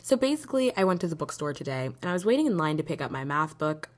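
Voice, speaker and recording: Fast and sing-song, this young woman's deep voice carries her solo podcast, where she chats casually, spins rambling stories and laughs a lot.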